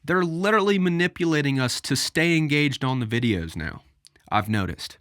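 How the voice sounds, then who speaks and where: A man's voice: fairly high pitch, expressive, moderate pace, a bit bright, no echo, clean studio sound. A man hosting his own podcast, talking casually and rambling a little, addressing his listeners directly and getting out of breath. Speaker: podcast host. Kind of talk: solo podcast monologue.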